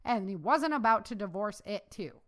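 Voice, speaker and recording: A woman's voice: mid-range voice, lively intonation, normal speed, natural voice. A woman voicing a sarcastic, jesting male ex-Marine in a storybook reading. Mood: wry jesting. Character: wry, sarcastic male ex-Marine security man.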